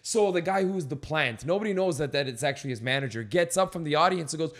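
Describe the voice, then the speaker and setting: A young man with a slightly high voice tells a backstage story in a loose, profane way. He is a stand-up comic on his own show, and he keeps breaking into loud acted-out quotes. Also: fast, hardly any pauses. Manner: animated, swearing, acts out voices with shouts. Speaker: stand-up comic and podcast host. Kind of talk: casual storytelling chat.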